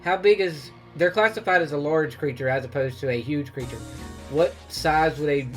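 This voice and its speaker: Acting as game master for a tabletop game, a man narrates in a rambling way full of fillers and laughter. His voice is slightly high and fairly bright at a moderate pace, with faint music in the background.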